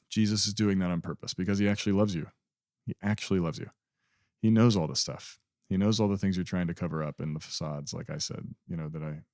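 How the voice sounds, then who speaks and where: A man's voice: sits low, darkish tone, no room sound, clean studio sound. A man co-hosting a conversational Bible discussion, earnest and emphatic, repeating key phrases. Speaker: podcast co-host.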